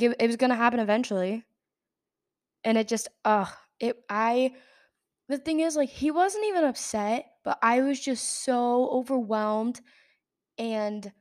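A woman's voice: on the high side, darkish tone. A young adult woman hosting a podcast, telling a personal story in a rambling, casual way full of fillers and restarts. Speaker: podcast host.

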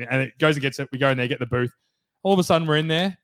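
A man's voice: mid-range voice, rapid-fire, dry recording. A young Australian man telling a laid-back story as a podcast co-host. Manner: laid-back, chatty, quotes others. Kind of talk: casual storytelling chat.

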